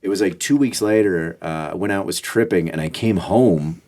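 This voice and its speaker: A man's voice: low-pitched, moderate pace. A man, a podcast guest, casually telling anecdotes in a laid-back way and acting out the people in them. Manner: laid-back anecdotal, animated when quoting others. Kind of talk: casual chat, storytelling.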